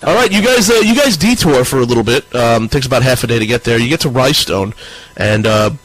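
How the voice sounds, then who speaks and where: A man running a tabletop game as dungeon master, stumbling over his words and laughing as he narrates. His voice sits at a middle pitch. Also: lively intonation, a bit bright, poor audio. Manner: halting, repeats words, laughs often.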